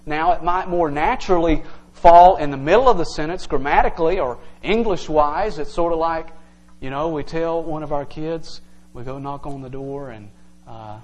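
A man's voice: a little high, moderate pace, a little mellow, lo-fi sound. A male pastor preaching an earnest, emphatic evening sermon to his congregation, teaching verse by verse.

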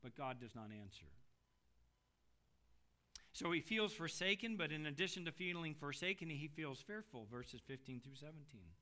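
A middle-aged man preaching an expository sermon, dramatic, moving between loud pleading passages and hushed, low readings. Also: lively intonation, normal speed.

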